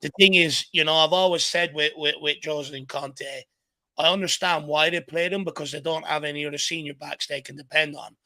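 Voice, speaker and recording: A man's voice: a little high, steady tone, fairly quick, sharp tone, no room sound. An Irish man hosting a casual football chat, earnest and repeating words as he builds his points. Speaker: host.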